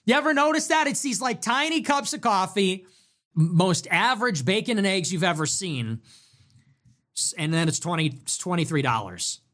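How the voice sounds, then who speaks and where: A young man hosts a livestream and rants through profane, sarcastic commentary. His pitch swings widely from low grumbles to high mocking bursts. He sounds heated and opinionated throughout. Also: animated, normal speed, fairly bright tone. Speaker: livestream host.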